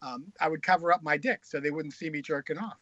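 A man with a high, bright voice spins frank, crude stories as a guest author. His delivery is casual and animated. The recording is dry and slightly muffled. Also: fast, no room sound. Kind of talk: casual anecdotal storytelling.

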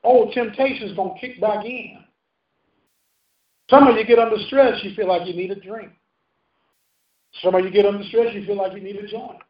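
A man's voice: high voice, fairly even intonation, normal speed, long pauses. A man in his fifties preaching a sermon with call-and-response, rising and falling for emphasis. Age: 50s. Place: church sanctuary. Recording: roomy muffled church recording from a distance.

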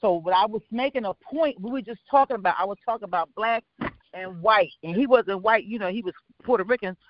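A woman, a small business owner, telling rambling, animated stories in a casual call-in radio chat. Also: mid-range voice, brisk, no echo. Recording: dull lo-fi dry sound.

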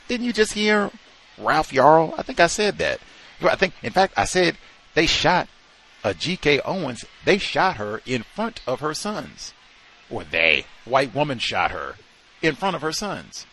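A male radio talk show host chats off the cuff in an unscripted monologue, dropping slang and fillers along the way. His medium-pitched voice has a fairly bright tone, and there's slight background noise.

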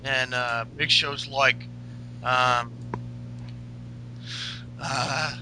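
A man's voice: medium pitch, fairly even intonation, drawn-out words, sharp tone, slight background noise, low-quality recording. A man co-hosting a casual podcast chat, meandering with lots of fillers and crude jokes. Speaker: podcast co-host.

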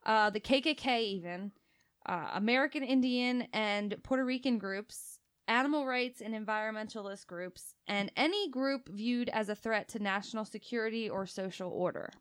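A woman's voice: on the high side, normal speed, fairly bright tone, smooth. A woman co-hosting a podcast in casual chat, loose and chatty, laughing often. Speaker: podcast co-host.

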